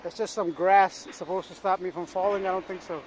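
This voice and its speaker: A man's voice: sits high, fairly even intonation, brisk, low-quality recording. A man vlogging outdoors on rocky hills, talking to the camera in a chatty, self-mocking way. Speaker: travel vlogger. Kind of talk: casual vlog narration. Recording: outdoor mic with wind and street noise. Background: traffic, car horns and dogs outdoors.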